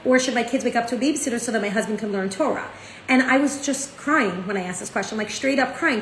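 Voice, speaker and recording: A woman, teaching in a casual, chatty way. Her storytelling is animated, full of "like" and "right?" asides. The room is echoey, with a faint hum of ambience behind her. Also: fairly high pitch, fast talker. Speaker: Torah class teacher. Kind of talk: casual spoken lesson.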